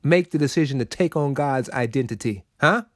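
A man's voice: medium pitch, fairly quick, no room sound, clean studio sound. A man preaching a radio sermon, folksy and preachy, talking straight to his listeners.

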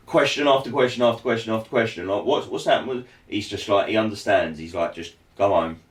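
A man's voice: fairly low pitch, brisk. A man speaking as a podcast guest, candid and laid-back in casual chat. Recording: echoey room, mic at a distance.

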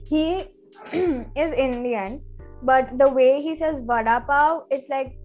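A woman's voice: high voice, slow pace, mellow, soft background music. A woman co-hosting a casual podcast, giggly and teasing. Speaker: podcast co-host. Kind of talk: casual chat.

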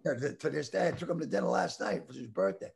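A middle-aged man from the Boston area telling a rambling story with stammering restarts and animated voices. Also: fairly high pitch, fast, vocal fry. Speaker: comedian guest telling a story. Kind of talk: casual storytelling.

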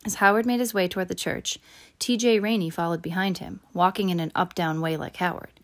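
A woman's voice: steady tone, brisk. A woman reading a first-person children's novel aloud, lifting her voice for the characters' lines. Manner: voices characters with raised pitch and louder quotes. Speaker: audiobook narrator. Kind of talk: first-person storybook narration.

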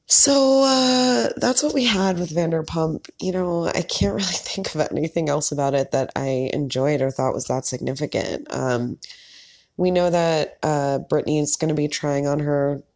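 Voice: medium pitch, fairly even intonation, normal speed, creaky, darkish tone. A podcast host talking casually on their own, chatty and opinionated, with lots of filler words. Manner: opinionated, candid. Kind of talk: casual solo commentary.

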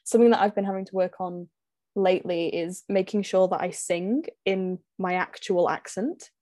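An English woman in a loose, friendly chat, full of little laughs and filler words. Her voice sits at a middling pitch and the recording is close and dry, with no room sound. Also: moderate pace, dark tone, dry recording. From England. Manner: chatty, laughs often, many fillers. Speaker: singer-songwriter guest. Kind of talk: casual chat.

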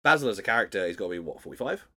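Brief: male podcast co-host, deeper voice, loose chatty recap. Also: expressive, racing, sharp tone. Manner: chatty, laughs often, many restarts. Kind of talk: casual podcast chat recapping an episode.

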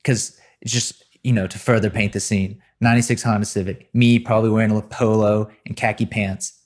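Animated man telling a story. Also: fairly low pitch. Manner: animated storyteller, quick to laugh, mimics voices. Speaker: podcast host. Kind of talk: casual storytelling chat.

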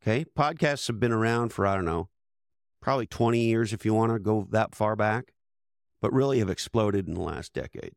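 A man talks as an expert guest on a podcast, pressing his points hard and firing off rhetorical questions. His voice has a gravelly, creaky edge. The sound is close and dry, with no room around it. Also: lowish voice, fairly quick, dry recording. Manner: emphatic and persuasive, punchy rhetorical questions. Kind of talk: energetic interview talk.

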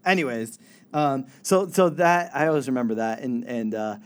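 A man co-hosting a casual chat podcast, rambling with many fillers and trailing off softly at the ends of his thoughts. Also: mid-range voice, lively intonation, moderate pace. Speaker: podcast co-host.

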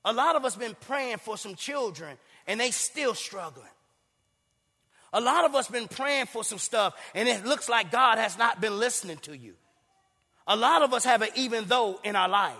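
A man preaching a sermon in a church, impassioned and sing-song, rising to shouts. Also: very high-pitched, expressive, normal speed. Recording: reverberant hall.

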